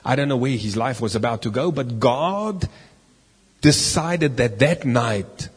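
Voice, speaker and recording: A man preaching a sermon as an animated story, now and then rising loud for the key lines. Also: medium pitch, measured pace, slightly rough. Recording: long reverb in a hall.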